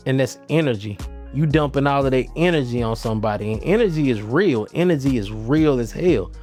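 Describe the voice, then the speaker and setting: A man's voice: mid-range voice, animated, fairly quick, darkish tone. A man hosting his own channel, talking casually to camera in a rambling, slangy way with frequent restarts. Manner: rambling, restarts often, loose slangy talk. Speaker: channel host. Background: faint guitar music.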